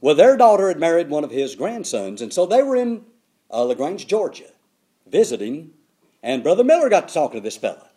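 An older man preaching a sermon, telling stories with emphatic, animated delivery. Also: fairly high pitch, brisk.

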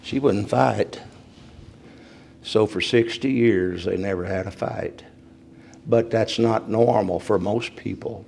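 A man preaching a sermon, swinging from emphatic raised points to soft, quiet storytelling. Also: on the low side, slow, creaky, pauses often, slight background noise.

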